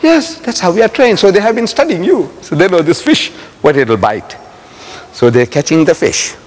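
An older South African man with a fairly high voice delivers a religious lecture. He tells stories with animation and keeps asking his audience questions. His voice rings out with the long reverb of a lecture hall. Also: normal speed. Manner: animated storyteller with rhetorical questions to the crowd. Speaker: Islamic lecturer.

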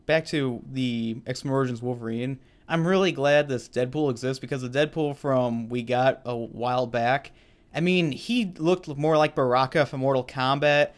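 Male co-host, casual film chat, smooth clear tone, rambling and upbeat. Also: medium pitch. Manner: rambling, enthusiastic, laughs often. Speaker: co-host reviewer. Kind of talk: casual unscripted movie review chat.

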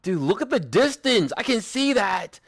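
A man's voice: sits high, big pitch swings, normal speed, no room sound, clean studio sound. A young man chatting casually while playing a game with friends, joking, swearing and humming little tunes. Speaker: gaming streamer. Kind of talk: casual gameplay chat with friends.

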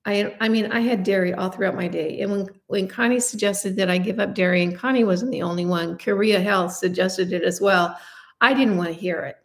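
A woman's voice: medium pitch, fairly even intonation, brisk. A woman in her fifties hosting a casual question-and-answer chat, talking in a chatty, confiding way with self-deprecating asides. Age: 50s. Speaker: beauty channel host.

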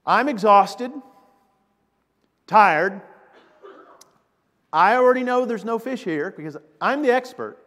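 A man preaching acts out a weary, exasperated fisherman who has worked all night, loud and pleading. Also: fairly high pitch, sing-song, slow, pauses often, exaggerated voice. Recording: long reverb of a church hall.

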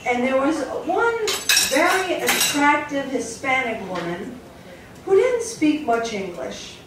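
A woman's voice: sits high, very animated, takes it slowly, very noisy. A woman doing a stand-up routine on a comedy club stage, telling her stories in a chatty way. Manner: chatty, storytelling delivery. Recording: echoey club from far off, with audience.

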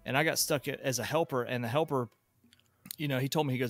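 A man's voice: mid-range voice, fast, gravelly, no room sound, soft background music. A man co-hosting a podcast and casually telling a long, rambling story from his early working days, with frequent restarts. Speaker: podcast co-host.

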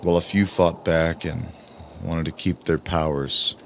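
Man, audiobook narrator, extremely low voice, measured slow delivery, faint hiss behind. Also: little pitch movement, creaky. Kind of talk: first-person audiobook narration.

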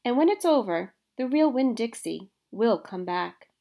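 A woman voicing a gentle, bewildered preacher in a storybook, speaking slowly and steadily. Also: fairly high pitch, big pitch swings, vocal fry, exaggerated voice. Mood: reassuring. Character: gentle, bewildered middle-aged male preacher.

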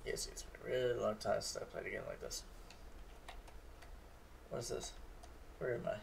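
A man giving casual, excitable commentary as he plays a game for the first time, swearing when startled. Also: lowish voice, moderate pace, vocal fry, far from the mic, a little hiss or hum. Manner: chatty, excitable, swears at surprises. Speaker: gamer. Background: game music.

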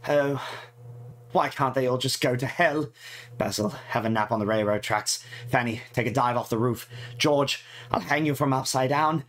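A man's voice: mid-range voice, normal speed, close to an everyday voice. A man voicing a fretful, spiteful young schoolgirl, reading her diary in a prim, theatrical way. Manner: prim, theatrical, swings from whimpering to gloating.

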